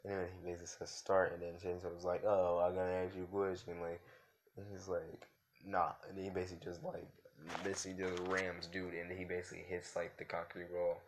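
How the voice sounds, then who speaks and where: A man's voice: deep voice, monotone, fairly quick, a little hiss or hum. A young man making a video, loosely improvising a fan-fiction story at home in slangy talk full of fillers. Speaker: YouTuber.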